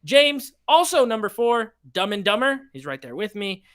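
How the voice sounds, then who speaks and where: A podcast host chatting casually on a live stream, reading viewer picks aloud in a playful, animated way. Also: medium pitch, moderate pace.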